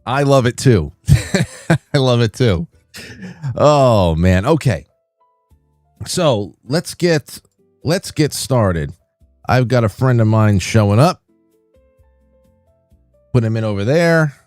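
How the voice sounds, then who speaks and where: A man hosting a livestream, telling a rambling, animated story in casual chat. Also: medium pitch, unhurried, pauses often, clean tone, no room sound, clean studio sound, faint music behind. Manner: rambling, animated, many restarts. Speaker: livestream host.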